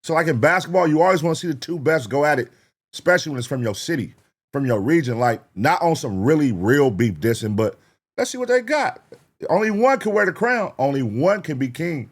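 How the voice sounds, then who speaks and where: A man's voice: fairly high pitch, fairly quick. A man hosting a reaction video, talking casually in slang, repeating points and asking viewers what they think. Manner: animated, slangy, repeats himself, asks the viewers.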